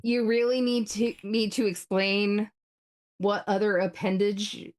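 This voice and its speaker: Woman co-host, middle pitch, frank and profane, relaxed chat. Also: a little slow. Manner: blunt, swears freely. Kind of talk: casual chat.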